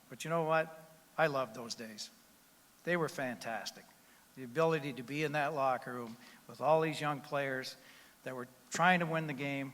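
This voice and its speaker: Brief: older retired coach, warm storyteller's cadence at the mic, long room reverb. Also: male voice, medium pitch. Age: 70s. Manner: folksy, conversational storyteller. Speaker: retired hockey coach, inductee. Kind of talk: acceptance speech. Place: large banquet hall. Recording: long reverb of a large hall.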